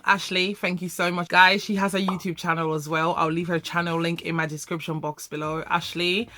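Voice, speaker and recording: A woman reviewing perfumes in a vlog, animated and emphatic, repeating words for emphasis. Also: on the low side, a little fast, no room sound. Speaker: fragrance reviewer.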